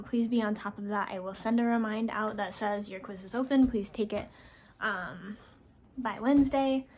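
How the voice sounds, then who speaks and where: A woman teacher talks through the week's schoolwork in an easygoing, conversational way, filling pauses with ums. She repeats her reminders firmly. Her voice sits at an ordinary middle pitch. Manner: casual, with frequent ums, firm reminders. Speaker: French teacher. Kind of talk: recorded class announcement.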